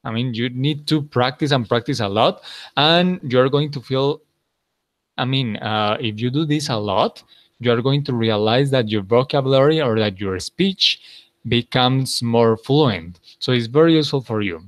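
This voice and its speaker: A man's voice: medium pitch, no room sound. Encouraging male English teacher drilling sounds. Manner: encouraging, praises often, models words slowly. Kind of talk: classroom pronunciation drill.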